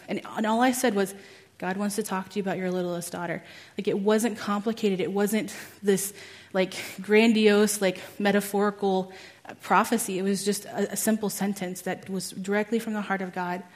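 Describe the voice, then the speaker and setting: A young woman shares a testimony at a church teaching. She talks casually, fills her sentences with "like" and laughs at herself, in a voice of ordinary pitch for a woman. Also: steady tone, moderate pace. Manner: chatty, many "like"s, laughs at herself. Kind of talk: personal testimony talk.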